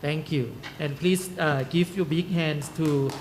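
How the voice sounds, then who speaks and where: A man with a slightly raised voice moderates a conference panel, with faint room noise behind him. He speaks in halting, hesitant English. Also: a little high, steady tone. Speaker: session moderator.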